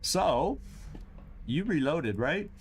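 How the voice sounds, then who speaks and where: A man hosting a game stream, thinking aloud through his moves, tallying enemies and cheering loudly at big shots. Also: fairly high pitch, very animated, extremely slow, slight background noise. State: has the hiccups. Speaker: host. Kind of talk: gameplay commentary.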